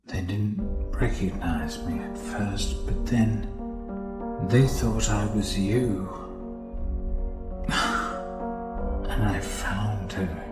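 Haunted young British man in a game cutscene, low and very slow, echoey over loud music. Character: haunted young man speaking to his father. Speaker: game character.

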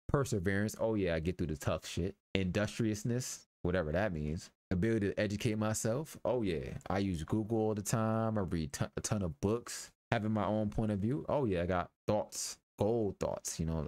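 A man's voice: fairly low pitch, moderate pace, darkish tone, no room sound. A young man casually commentating a game, reading its text aloud and adding loose, slangy jokes with some swearing. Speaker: gaming YouTuber.

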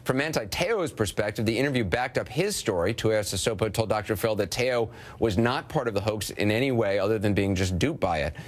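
A man's voice: lowish voice, expressive, a little fast, few pauses. Man anchoring a TV news interview. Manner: direct, probing questions.

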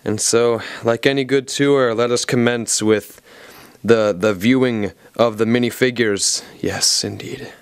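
A man's voice: medium pitch, steady tone, a little slow, smooth, no echo. A man with a Southern American accent, reviewing a toy set in a rambling, jokey, playful way. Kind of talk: casual video review.

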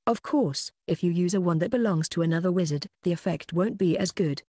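An audiobook narrator voicing a shriveled old male wandmaker who speaks gently and rambles on. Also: medium pitch, a little fast, no room sound, clean studio sound, natural voice. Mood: rambling. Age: older. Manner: gentle, archaic-sounding speech. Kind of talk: audiobook character voice.

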